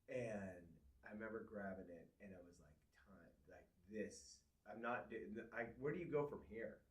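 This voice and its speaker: Man, podcast co-host, candid halting storytelling, echoey room, off-mic. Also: fairly low pitch, distant mic. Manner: candid, halting, with frequent restarts. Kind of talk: personal storytelling.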